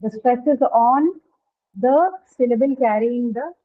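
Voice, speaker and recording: A woman's voice: fairly high pitch, unhurried. Patient woman teacher over a tinny line. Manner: patient, questioning, often checks with "right?". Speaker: English teacher. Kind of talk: online class lecture on word stress. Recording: tinny phone-like call audio.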